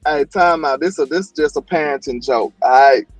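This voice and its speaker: A man's voice: fairly high pitch, normal speed, soft background music, poor audio. A man hosting a casual sports chat, telling jokes in streetwise slang. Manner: joking storyteller, streetwise slang. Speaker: host.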